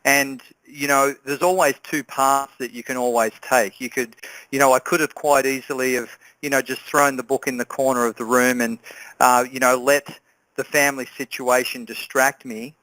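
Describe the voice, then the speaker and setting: An Australian man speaks as a guest on a call, telling his story in an earnest, reflective way. His voice sits at a middling pitch, and the sound is dry with no room echo. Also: little pitch movement, moderate pace, pushed and bright.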